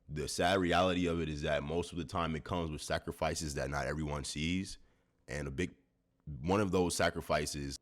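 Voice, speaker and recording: Very deep-voiced young man, tired and reflective. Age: young adult. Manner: soft-spoken, unhurried, thoughtful, with many fillers. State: a bit tired, early morning. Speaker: YouTuber. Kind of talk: reflective talking-to-camera vlog.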